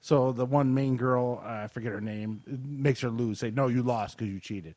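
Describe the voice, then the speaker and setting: A man's voice: medium pitch, moderate pace, dry recording. A man co-hosting a podcast, casually and animatedly retelling a movie plot. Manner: animated retelling, mimics characters in exaggerated voices. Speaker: podcast co-host. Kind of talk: casual movie review chat.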